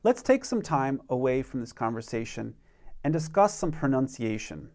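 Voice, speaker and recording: A man teaching an online beginner language lesson, speaking slowly and patiently and modeling phrases for learners to repeat. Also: medium pitch, big pitch swings, darkish tone.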